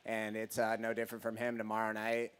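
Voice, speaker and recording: A man's voice: lowish voice, monotone, a little fast, smooth. A man, a fighter, answering a press conference question in a blunt, aggressive way.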